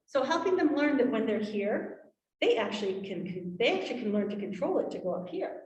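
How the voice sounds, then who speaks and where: A woman's voice: on the high side, fairly quick. Woman presenting to parents in a room. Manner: animated, acts out parent and child quotes. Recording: roomy, from far off.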